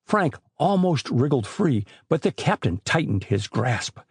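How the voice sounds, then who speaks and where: A man's voice: fairly high pitch, a little slow, breathy edge, dry recording, clean studio sound. A man narrating an adventure novel as an audiobook, telling it expressively. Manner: expressive storytelling.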